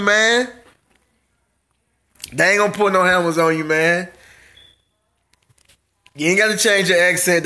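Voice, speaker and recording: A small business owner hosting his own channel chats and jokes casually with live-stream viewers, laughing often. His voice is high, bright and forceful.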